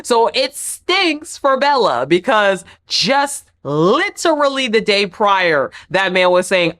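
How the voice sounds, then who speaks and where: A woman's voice: medium pitch, expressive, takes it slowly, few pauses, a bit bright. A woman giving a casual, opinionated reality-show recap in a chatty, playfully dramatic way. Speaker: TV recap vlogger.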